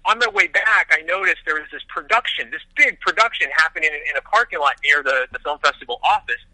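A man from Las Vegas, a film director, telling his story as an interview guest in an animated way, often restarting his sentences. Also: a little high, fast, no echo, poor audio. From Las Vegas, USA.

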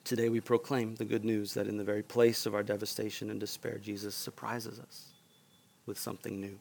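Gravelly-voiced male pastor preaching. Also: fairly low pitch, little pitch movement, a little fast. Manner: earnest preaching, asks the room for responses. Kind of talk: sermon.

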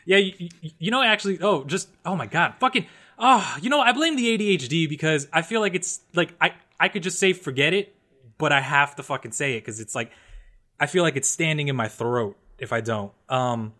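A young man in his twenties talking in casual chat, his voice a touch higher than most men's. He tells a story full of swearing, bursting loud and then dropping to a mutter. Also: a little fast. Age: 20s. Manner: animated, profane storytelling with swings from loud to muttered.

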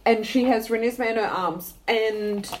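A woman hosting a podcast, chatting casually and retelling a book's scenes with animated, sweary flair. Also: fairly high pitch, normal speed, low-quality recording. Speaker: podcast host and fact checker. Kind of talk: casual book-club chat.

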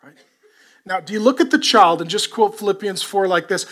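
A middle-aged male pastor preaching a sermon to a congregation, swinging between loud delivery and hushed, intimate talk. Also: sits high, fairly quick. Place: church before a congregation.

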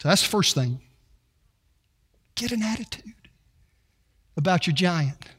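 A man preaches to his church with lively, swooping delivery and a bright, forceful tone. He acts out quotes with plenty of attitude. His voice rings out with long reverb in a large hall. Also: high voice, unhurried, husky. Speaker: pastor. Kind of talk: sermon.

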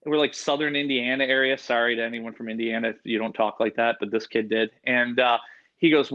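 A man telling a rambling, animated story in a casual interview, acting out the voices of people in it. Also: medium pitch, a little fast, dull audio. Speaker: animal entertainer guest.

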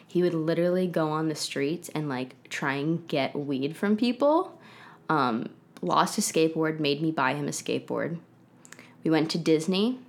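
A woman in her twenties talks as a podcast guest, her voice sitting noticeably low. She tells her story in a loose, chatty way, scattering "like" and "um" through every sentence. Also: animated, moderate pace. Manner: chatty, heavy use of "like" and "um". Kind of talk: casual storytelling interview.

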